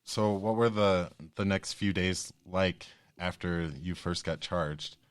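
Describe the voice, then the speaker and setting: A low-voiced man hosts a podcast interview in a dry, close sound. He asks probing questions and affirms often. He fills his speech with "like". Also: steady tone, slow pace, clean tone, no room sound. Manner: probing, affirming, uses filler "like". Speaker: podcast host. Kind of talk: interview conversation.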